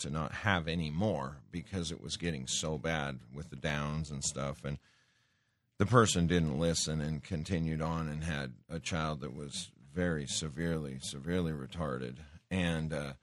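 A Christian teacher with a low voice gives an earnest, sermon-style teaching full of fillers and restarts, growing more emphatic when citing scripture. The studio-quality recording is dry.

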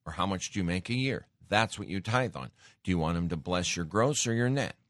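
A man's voice: low voice, lively intonation, brisk, a bit bright, dry recording, clean studio sound. A man giving an earnest sermon-style teaching, talking with many fillers and restarts and rising in emphasis when he cites scripture. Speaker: Christian teacher.

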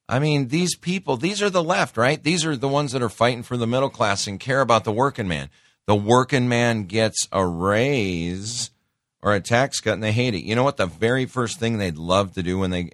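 A man's voice: mid-range voice, a bit bright, no echo, studio quality. A middle-aged man hosting a political talk show, delivering a sarcastic, ranting opinion monologue with mocking asides.

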